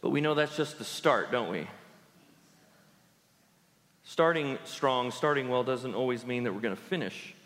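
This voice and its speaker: A pastor giving an animated sermon, often acting out the people he quotes. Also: medium pitch, unhurried, pauses often, in a large hall. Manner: animated, acts out quoted voices in character.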